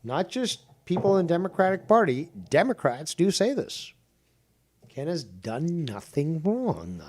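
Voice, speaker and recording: Male host, animated and higher-pitched, cursing hard while he argues his case. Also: measured pace, a little hiss or hum. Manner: profane, emphatic ranting. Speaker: show host. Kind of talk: heated podcast debate.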